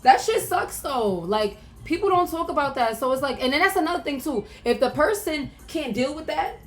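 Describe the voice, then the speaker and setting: Candid young woman, soft music behind. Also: sits high, lively intonation, normal speed. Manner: candid and emotional, frequent "like" fillers, swearing. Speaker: podcast host. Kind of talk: casual personal monologue.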